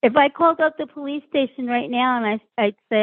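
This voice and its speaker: A woman's voice: high voice, fairly quick, few pauses, no echo. A woman in her sixties giving a candid, frank personal interview as a guest, speaking with many hesitations. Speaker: guest, sister of a murder victim. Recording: tinny phone-line sound, dry.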